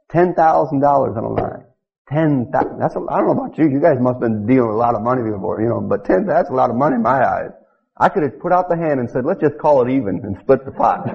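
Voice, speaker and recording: A middle-aged man preaching a sermon. He reads scripture emphatically and builds to loud declamation. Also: medium pitch. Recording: dull lo-fi church recording.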